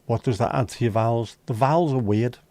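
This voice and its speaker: A man's voice: medium pitch, fairly quick, warm tone, no room sound. A man hosting a casual livestream, bantering and joking with his chat at a desk mic. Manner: banters, teasing, jokey asides. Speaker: livestream host. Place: indoors, home streaming room.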